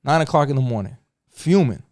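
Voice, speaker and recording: Man, new york accent, middle-aged, lively pitch, dry close sound, swearing storyteller. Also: brisk, no echo. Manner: animated, swearing, acts out other voices. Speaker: podcast co-host. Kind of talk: casual storytelling.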